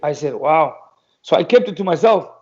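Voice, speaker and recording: Guy with a high voice spinning a story, acting out the lines, kinda muffled audio. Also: quick pace, husky. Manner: animated storyteller acting out dialogue. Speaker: guest telling boxing stories. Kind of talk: casual storytelling.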